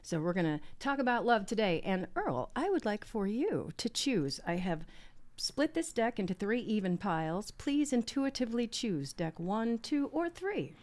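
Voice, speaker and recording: A woman's voice: medium pitch, sing-song, moderate pace, a little mellow. A woman with a Southern US accent, hosting a tarot podcast in a chatty, playful way with sing-song asides. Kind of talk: casual chat with tarot reading.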